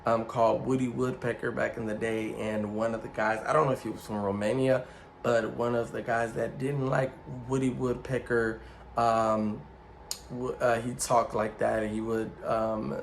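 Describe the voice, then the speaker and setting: A man's voice: medium pitch, little pitch movement, moderate pace, vocal fry, a little hiss or hum, low-quality recording. A man leading a ministry group, giving a casual spoken lesson and spelling out letters one by one. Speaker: ministry youth leader teaching Hebrew words.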